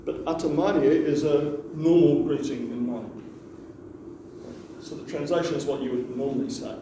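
A man's voice: fairly high pitch, fairly even intonation, moderate pace, warm tone, slight background noise. A man teaching a language class, patiently repeating words for the students to echo. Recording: echoey room, mic far off.

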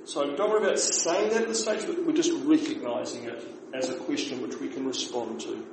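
A man with a New Zealand accent, teaching beginner Māori phrases in a relaxed class, explaining slowly and repeating words for his learners. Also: mid-range voice, vocal fry. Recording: echoey room with faint noise.

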